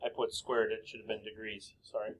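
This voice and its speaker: A man's voice: fairly low pitch, little pitch movement, a little fast, noisy background. A man teaching a recorded math lesson, working through problems step by step and asking himself questions aloud before answering them.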